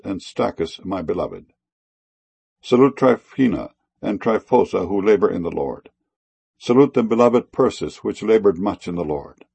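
A man giving a solemn, measured scripture reading in archaic wording. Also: lowish voice, creaky, mellow, husky.

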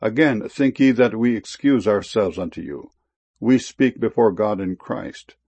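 A man giving a solemn, measured scripture reading in archaic wording. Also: lowish voice, warm tone, breathy edge.

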